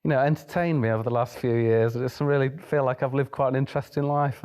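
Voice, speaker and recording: A man's voice: medium pitch, steady tone, quick pace, darkish tone. Chatty male pianist telling a story. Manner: chatty, acts out the dialogue in his story. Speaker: pianist, interview guest. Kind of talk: anecdotal interview storytelling.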